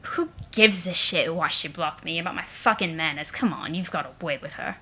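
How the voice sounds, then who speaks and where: A woman's voice: sits low, normal speed, sharp tone, husky, exaggerated voice. A cocky young male troll , put on by a woman reader, speaks in a mangled British accent that leans vaguely Liverpool or Cockney. He swaggers, sneers and swears through every line. He sounds like a brash, self-important prince from a webcomic. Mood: sneering.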